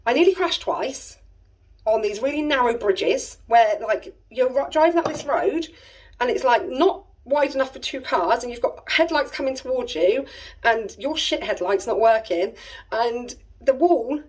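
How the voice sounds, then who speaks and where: This family vlogger, an English woman in her thirties, speaks at a measured pace in a slightly high voice with lively intonation. She meanders through a family story casually, with exasperated asides, her voice a bit far from the mic.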